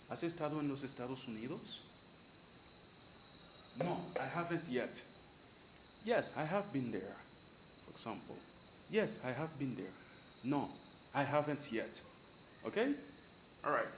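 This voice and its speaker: A man's voice: medium pitch, animated, measured pace, pauses often. A man whose first language is Spanish, teaching English in a casual way and repeating each example sentence. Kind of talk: bilingual English lesson. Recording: echoey room, faint background noise.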